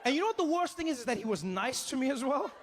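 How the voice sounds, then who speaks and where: High, fast-talking male comedian. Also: a faint crowd, a little hiss or hum. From Africa. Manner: animated, acts out scenes in his story. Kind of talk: stand-up storytelling.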